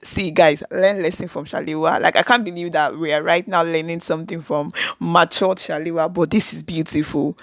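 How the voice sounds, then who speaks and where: A woman's voice: on the low side, moderate pace, no echo. Chatty woman reviewing a show. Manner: chatty, keeps addressing the viewers as guys; retells scenes with lively quoted dialogue. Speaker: video reviewer. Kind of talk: casual reaction recap.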